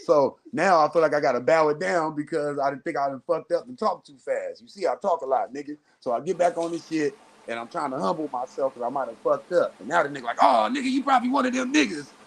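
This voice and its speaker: A man from Southern California tells a story as an interview guest, his voice sitting a touch higher than most men's. He talks in a loose, profane, lively way and jumps into other people's voices as he goes. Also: fast talker. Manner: animated, profane, acts out quoted voices. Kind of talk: casual storytelling.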